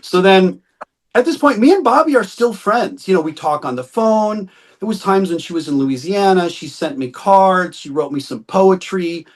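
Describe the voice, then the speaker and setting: A middle-aged man telling a long anecdote in a casual interview, animated, acting out the quoted voices and laughing often. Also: high-pitched, moderate pace. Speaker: interview guest.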